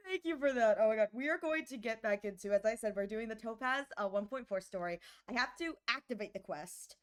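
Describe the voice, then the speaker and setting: A woman's voice: on the high side, brisk, smooth. Bubbly giggling woman streamer. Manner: bubbly, giggly, animated greetings to chat. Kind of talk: casual live-stream chat.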